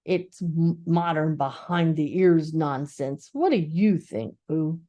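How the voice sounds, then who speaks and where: An older woman voicing a gloomy old donkey who grumbles slowly. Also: sits low, animated, dark tone. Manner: slow, grumbling.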